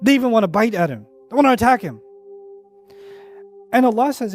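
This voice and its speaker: A man with a bright, high-pitched voice lectures on faith in a lively, conversational way, trading rapid Arabic recitation for plain-spoken stories and asides. Soft music plays faintly underneath. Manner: animated, conversational, with asides and analogies. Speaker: Islamic lecturer. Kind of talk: religious lecture.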